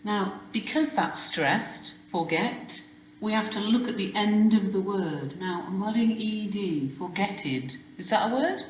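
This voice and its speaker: Slow, patient woman teaching spelling. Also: mid-range voice, roomy sound, a little hiss or hum, poor audio. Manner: patient, explains step by step with questions. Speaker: primary school teacher. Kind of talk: recorded spelling lesson for children.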